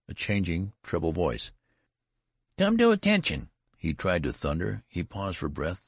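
A man reading a story aloud as narrator, with an expressive, varied delivery. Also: rumbling low, creaky, breathy edge, dry recording, studio quality. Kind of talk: audiobook reading.

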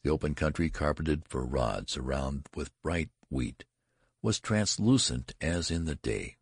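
Very deep, gravelly male narrator. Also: expressive, a little slow, dry recording, studio quality. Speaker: audiobook narrator. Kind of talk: scripted narration.

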